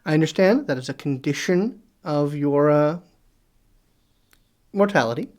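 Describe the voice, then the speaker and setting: Scheming long-lived husband, game master's voice: calm, condescending reassurance, tabletop role-play. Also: mid-range voice, measured pace, close to an everyday voice. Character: patient, scheming long-lived male gambler.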